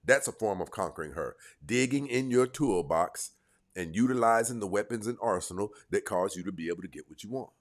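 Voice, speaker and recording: Blunt, lecturing male dating coach with a very deep voice. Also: animated, a little fast. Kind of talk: direct-to-camera advice monologue.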